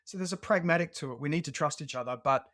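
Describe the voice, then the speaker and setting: A man with an Australian accent, a podcast guest telling a personal story in an earnest, animated way. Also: a little high, fast, dry recording, studio quality. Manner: earnest and animated, acts out remembered dialogue. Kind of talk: conversational storytelling.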